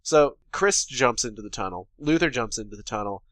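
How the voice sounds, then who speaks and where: Casting: man, podcast co-host, mid pitch, sarcastic profane movie recap, dry close mic. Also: animated, brisk, fairly bright tone, no room sound. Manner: sarcastic, profane, paraphrases characters in quotes. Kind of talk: casual recap chat.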